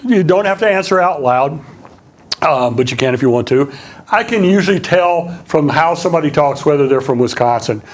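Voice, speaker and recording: A middle-aged man giving a relaxed public lecture, full of ums and questions for the audience. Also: a little high, normal speed. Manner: relaxed, many fillers, asks the audience questions.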